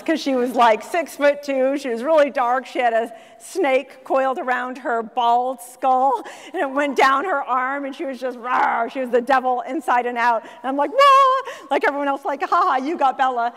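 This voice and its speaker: A middle-aged woman speaking at a conference, telling a story to an audience in a lively way and acting out the voices of the people in it. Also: high voice, normal speed, few pauses. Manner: animated, acts out quoted voices. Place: large conference hall. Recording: long hall reverb.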